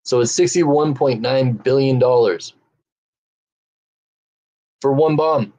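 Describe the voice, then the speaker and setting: A man on a casual podcast chat, explaining things slowly and hesitantly with many fillers. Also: medium pitch, dark tone.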